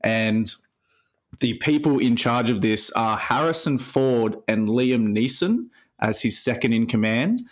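Male co-host, mid pitch, loose and chatty film banter. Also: a little slow. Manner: laughing, energetic movie banter. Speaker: podcast co-host. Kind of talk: casual chat.

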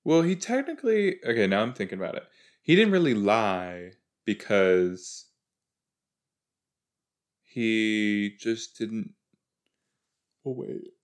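Male podcast host, unhurried casual reaction commentary, rambling with frequent exclamations. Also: fairly low pitch, lively intonation. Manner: chatty, rambling, exclaiming with frequent self-interruptions.

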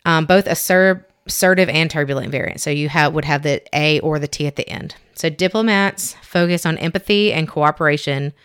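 Chatty woman reading aloud haltingly. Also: low-pitched, a bit bright, clear, resonant tone. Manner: chatty, reads haltingly with giggles and self-corrections. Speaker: podcast co-host. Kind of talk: casual chat reading test results aloud.

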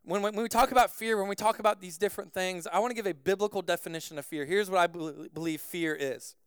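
A man preaching a sermon as pastor, telling a personal story in an animated way with frequent "like" fillers. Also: sits high, fast talker, smooth, no echo, clean studio sound.

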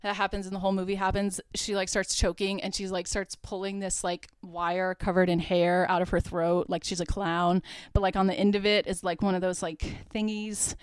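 A young woman hosts a podcast, walking through a film's plot in a loose, chatty way. Her voice is smooth and clear, and she keeps dropping "like" as she goes. The sound is dry and close, with no room echo. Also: medium pitch, level tone, normal speed, hardly any pauses. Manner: chatty, heavy use of "like", laughs while retelling. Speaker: podcast host. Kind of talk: casual movie recap.

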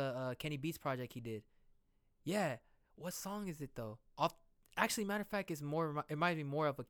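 A man reacting to a new song in a casual, excitable, slangy way, thinking out loud as he listens. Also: medium pitch, clear, resonant tone, dry recording, clean studio sound. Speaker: music reaction vlogger. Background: music playing.

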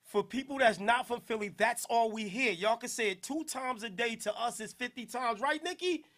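A man hosting a podcast, talking loudly in slangy street banter and laughing often. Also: very high-pitched, normal speed. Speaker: podcast host.

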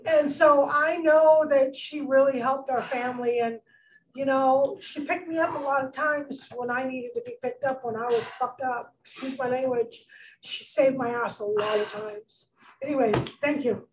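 A middle-aged woman giving a rambling personal tribute at a memorial, halting and full of restarts. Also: high-pitched. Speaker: speaker at a memorial. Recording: distant mic with faint background noise.

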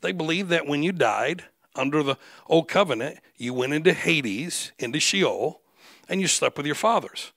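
A man preaching an animated sermon with humor, acting out the voices of figures he quotes. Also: fairly high pitch, normal speed, creaky, no room sound. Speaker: guest preacher.

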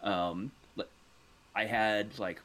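A man's voice: on the low side, fairly even intonation, slow, fairly bright tone. A man co-hosting a casual podcast, rambling with restarts and casual swearing. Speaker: podcast co-host. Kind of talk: casual chat.

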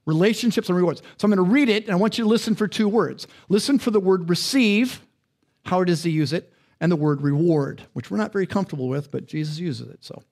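A male pastor giving a sermon with a high voice for a man. He talks casually and keeps turning to the congregation with questions and quick asides. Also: darkish tone. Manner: conversational, interactive, asks the congregation questions.

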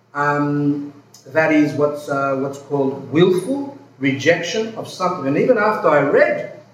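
A man who is a priest giving an earnest, emphatic pastoral talk, repeating his points with rambling asides. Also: on the high side. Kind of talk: pastoral talk answering a listener. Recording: echoey room, distant mic, faint noise.

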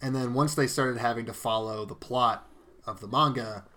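A young man co-hosting an anime review podcast rants sarcastically and swears plenty in casual chat. His mid-range voice has a sharp tone and a moderate pace.

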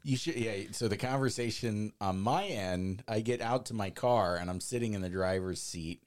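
A man's voice: on the low side, normal speed. A man co-hosting a podcast, adding wry remarks as he and his partner tell a story. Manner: wry, chimes in and adds to the story. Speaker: podcast co-host. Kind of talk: storytelling conversation.

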